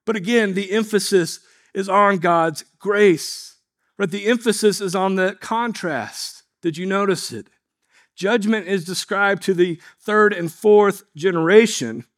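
Man, pastor, high voice, earnest measured sermon, rhetorical questions.

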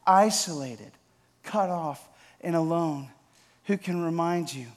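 Male pastor with a high voice, preaching, talks to the congregation by name, quiet passages that build loud. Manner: swings from hushed, slow repetition to loud emphatic build-ups; addresses congregation members by name. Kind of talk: sermon.

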